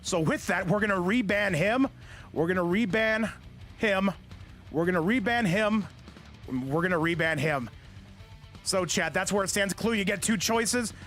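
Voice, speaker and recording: High-voiced excited male stream commentator. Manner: excited, often shouting, rapid and breathless. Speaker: tournament host and commentator. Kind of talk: live esports stream commentary. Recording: loud game music behind.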